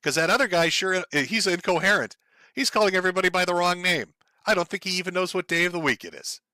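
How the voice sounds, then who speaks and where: Male show host, blunt and foul-mouthed, edgy bright voice, dry close sound. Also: high-pitched, fast talker, no room sound. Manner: blunt, profane, heated. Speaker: online commentator hosting his own show. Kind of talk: ranting political commentary.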